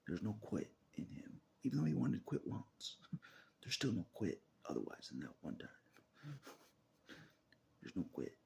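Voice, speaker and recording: A man talking in an unscripted personal monologue, repeating phrases for emphasis, swearing often and swinging between loud declarations and muttered whispers. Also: on the low side, wildly swooping pitch, normal speed, vocal fry, long pauses, a little hiss or hum. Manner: swears often and laughs to himself. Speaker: vlogger.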